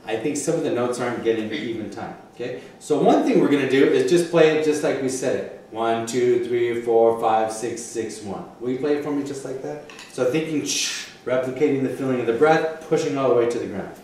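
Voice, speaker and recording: A man coaching a student through a clarinet lesson, patient and encouraging, often counting out beats. His voice sits at an ordinary middle pitch. He is picked up from a distance in a very echoey room with faint background noise. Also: quick pace, darkish tone. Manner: encouraging, counts aloud and sings phrases. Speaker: clarinet teacher. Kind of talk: one-on-one music lesson.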